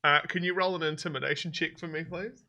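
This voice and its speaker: A man's voice: a little high, steady tone, quick pace, pushed and bright. A man narrating as game master of a tabletop game, with many hesitant fillers. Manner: hesitant, full of fillers and laughs. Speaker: dungeon master.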